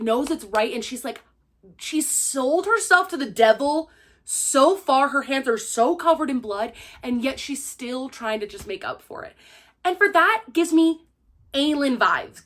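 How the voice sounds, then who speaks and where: Young woman, high voice, gushing book review chat, excitable, lots of "like". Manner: gushing, excitable, heavy use of "like". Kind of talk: casual spoiler review chat.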